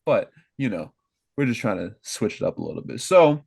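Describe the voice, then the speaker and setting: A man's voice: lowish voice, sing-song, moderate pace, gravelly, a little mellow, husky, dry recording. A young American man co-hosting a casual podcast, rambling and correcting his own slips with a laugh. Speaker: podcast co-host.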